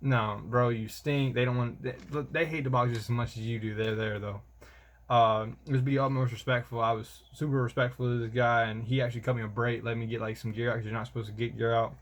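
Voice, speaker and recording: A man's voice: medium pitch, little pitch movement, fairly quick. A young man, telling a rambling, slangy vlog story about army training and calling the listener bro. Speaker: soldier vlogger.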